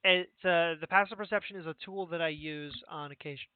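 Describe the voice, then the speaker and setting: A man's voice: a little high, fairly even intonation, a little fast, a little hiss or hum. A young man running a tabletop game as game master, talking casually with lots of fillers and restarts. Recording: tinny phone-like voice chat.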